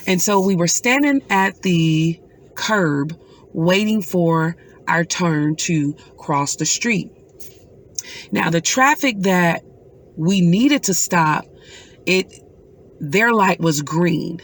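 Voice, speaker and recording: Slow, earnest middle-aged woman storyteller. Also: lowish voice, expressive. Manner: slow, earnest and emotional, with pauses. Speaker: mother recounting a dream. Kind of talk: personal storytelling.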